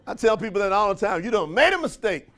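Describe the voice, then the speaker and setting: A man giving an energetic motivational speech to a live audience, throwing call-and-response questions to the crowd in folksy, slangy language. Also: sits high, fast. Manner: folksy, slangy phrasing with frequent laughs. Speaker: motivational trainer for a sales company.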